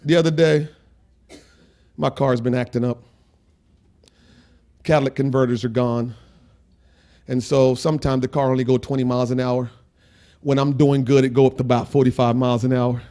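A man preaching a sermon in church as pastor, swinging between loud preaching and quiet storytelling. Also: mid-range voice, flat delivery, normal speed, pauses often.

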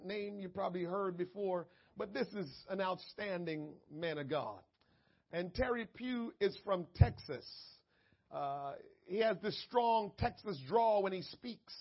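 A man pastor preaching a sermon, moving from calm storytelling to shouted, fervent preaching. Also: sits high, highs cut off.

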